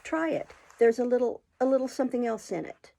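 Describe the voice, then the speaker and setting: A woman's voice: a little high, brisk, vocal fry, warm tone, pitched above the performer's own voice. A woman doing a fluttery, bashful workhouse matron. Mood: faint. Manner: faint, bashful, whimpering. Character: fluttery middle-aged workhouse matron, coy and easily flustered.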